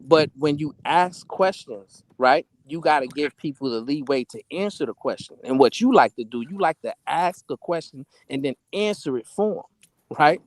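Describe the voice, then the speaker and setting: A man debating on a talk show, measured and lecturing as he pushes back on the other speaker. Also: on the high side, animated, no echo. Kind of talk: heated debate.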